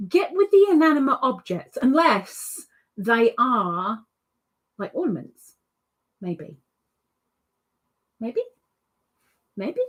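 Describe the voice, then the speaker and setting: A woman's voice: fairly high pitch, sing-song, slow, long pauses. A woman hosting a casual live stream, reading chat messages aloud in a chatty, teasing way. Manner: chatty, teasing, playful sing-song asides. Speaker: livestream host reading chat.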